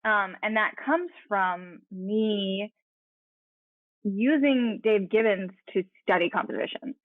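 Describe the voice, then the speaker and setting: A woman's voice: medium pitch, slow, no echo. Woman, comic illustrator, casual interview, chatty storyteller, lo-fi dull sound. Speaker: comic book illustrator guest.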